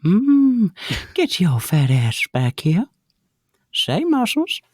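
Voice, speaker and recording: A creepy old cartoon man, very high and thin. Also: huge pitch swings, slow, no echo, clean studio sound, exaggerated voice. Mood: leering. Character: creepy elderly man with a high wheezy drawl.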